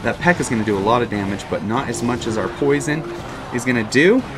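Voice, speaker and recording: Male gamer commentator, mid-pitched, casual and excitable, faint game music behind. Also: quick pace. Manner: excitable, swings from calm talk to loud frustrated outbursts. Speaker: gaming commentator. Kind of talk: live gameplay commentary.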